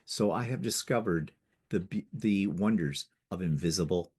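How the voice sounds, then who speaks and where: A man's voice: sits low, moderate pace, a little mellow, slightly rough. A man giving a casual slideshow talk about his quilting to a guild, chatty and rambling, often restarting his sentences. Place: living in Ontario, Canada.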